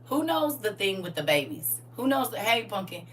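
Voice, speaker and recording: Folksy middle-aged woman, bright distant sound. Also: mid-range voice, normal speed. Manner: lively and folksy, addresses viewers as y'all, drops into soft whispers. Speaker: livestream host. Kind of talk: casual livestream chat with viewers. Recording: distant mic with faint hum.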